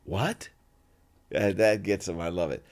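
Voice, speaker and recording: Animated older man telling stories. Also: medium pitch, a little slow. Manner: animated, acts out dialogue in voices. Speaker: guest actor. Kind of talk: casual interview storytelling.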